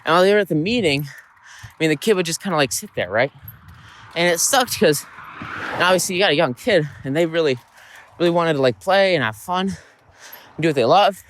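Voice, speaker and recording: A man's voice: on the high side, lively intonation, brisk, long pauses, a bit bright, a little hiss or hum. A man hosting a podcast, retelling a story in a loose, rambling way with lots of fillers and "right?" tag questions. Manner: rambling, with many fillers and "right?" check-ins. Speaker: podcast host. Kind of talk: casual storytelling monologue.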